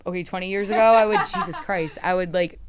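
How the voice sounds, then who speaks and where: A young female podcast host chats casually and tells stories with animation, acting out quotes and swearing often. Her medium-pitched voice moves fast over heavy background noise.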